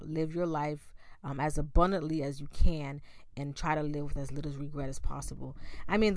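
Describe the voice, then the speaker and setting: A woman's voice: low-pitched, dry recording. Woman telling a candid personal story. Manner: candid and conversational, with many fillers and acted-out quotes. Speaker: speaker sharing a personal story.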